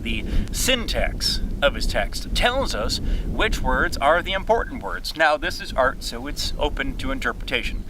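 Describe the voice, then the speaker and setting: A man teaching a lesson, speaking clearly and deliberately and stressing key words as he explains. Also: medium pitch, pushed and bright, slight background noise. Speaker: Shakespeare teacher.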